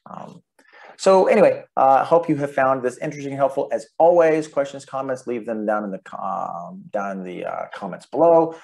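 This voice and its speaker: A man of ordinary pitch talks through a video lesson on Greek letters. He is relaxed and chatty, and he spells out each letter and its sound at an easy pace. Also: moderate pace, gravelly. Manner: sings the alphabet in a plain untrained voice. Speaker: Greek teacher.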